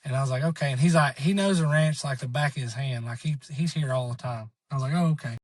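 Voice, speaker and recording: A man's voice: mid-range voice, fast talker, dry recording. A man telling a long, rambling story on a podcast, acting out the voices of the people in it. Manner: rambling, animated, acts out quoted voices. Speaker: podcast guest. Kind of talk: casual storytelling.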